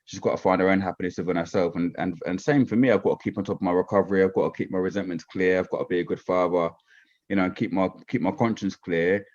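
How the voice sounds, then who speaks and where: A man's voice: low voice, steady tone, quick pace, darkish tone, dull audio. A man talking as a podcast guest in casual, rambling chat, often checking "do you know what I mean".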